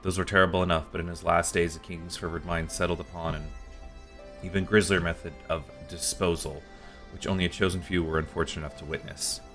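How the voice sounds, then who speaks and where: A man voicing an old male royal scribe in a fantasy game, telling dark memories in solemn, archaic speech. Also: low-pitched, little pitch movement, fast talker, faint music behind.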